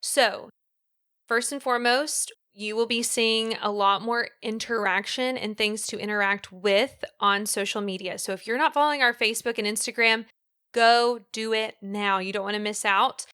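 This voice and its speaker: A woman co-hosting a casual podcast with a bright, tense edge to her voice. Her tone is crisp and smooth as she tells stories in an animated, chatty way, peppered with "um" and "like.". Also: a little high, moderate pace. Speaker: podcast co-host. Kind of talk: casual chat.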